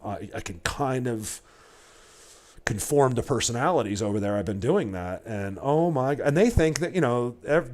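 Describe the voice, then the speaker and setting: Man, forties, livestream chat, rambling, emotional, stammering, mid-pitched voice. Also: darkish tone. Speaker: livestreamer and Bigfoot hunter. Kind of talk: casual livestream chat to viewers.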